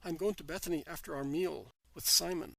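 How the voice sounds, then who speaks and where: Jesus, read by a man, calm and gravelly. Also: on the high side, dry recording, heavily acted, poor audio. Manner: measured, solemn. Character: calm, gentle grown man teacher, Jesus.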